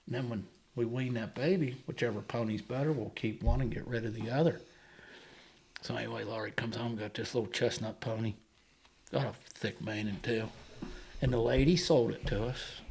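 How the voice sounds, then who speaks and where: A man's voice: mid-range voice, gravelly, darkish tone, slight background noise. A man, a guest on a chat show, telling a rambling story and acting out the dialogue of the people in it. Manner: rambling anecdotes, acting out quoted dialogue, chuckling. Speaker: guest, horse and pony trader. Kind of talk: casual storytelling in conversation.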